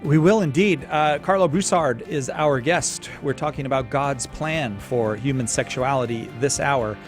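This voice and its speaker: A male talk-radio host who keeps things moving with short affirmations and a smooth lead-in to the break. Faint music sits under his middle-pitched voice. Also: measured pace. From Boston. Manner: brief affirmations, then a smooth sign-off to break.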